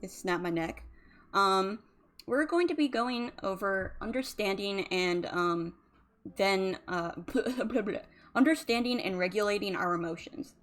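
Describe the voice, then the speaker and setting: A woman's voice: medium pitch, unhurried, fairly bright tone, faint music behind. A woman, a drowsy, yawning streamer who rambles casually about emotions with lots of fillers. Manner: rambling, chatty, many fillers. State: sleepy, yawning.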